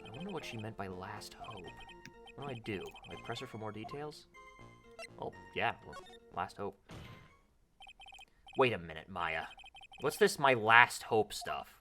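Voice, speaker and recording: A man streaming a courtroom game, reading the lines aloud and commenting, moving from mutters to loud outbursts. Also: lowish voice, normal speed, pauses often, soft background music. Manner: animated, switching between mutters and loud outbursts. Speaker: let's play streamer.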